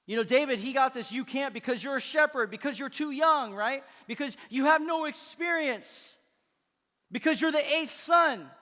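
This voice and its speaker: A male pastor preaches with an energetic, chatty delivery and tosses playful asides to the congregation. His voice sits notably high for a man, and a long reverb trails behind it in the church hall. The style is a lively, casual sermon. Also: normal speed. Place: church auditorium.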